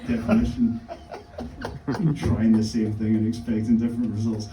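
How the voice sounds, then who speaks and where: A man doing a stand-up set in a deadpan, halting way, full of fillers. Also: lowish voice. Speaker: stand-up comedian. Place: comedy club stage. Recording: echoey room mic, from a distance.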